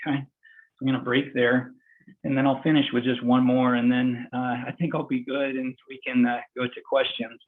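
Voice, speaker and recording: A physical therapist speaking while doing an exercise demonstration, slightly out of breath, plain and encouraging. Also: male voice, mid-range voice, little pitch movement, normal speed, phone-quality sound. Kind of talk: instructive explanation during a live demo.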